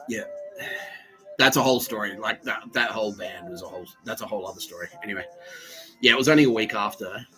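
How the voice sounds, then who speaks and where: A man's voice: lowish voice, fast talker, pushed and bright, faint music behind, rough recording. A man hosting a podcast. He tells a rambling, profane story with frequent laughs and restarts. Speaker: podcast host. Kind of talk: casual storytelling monologue.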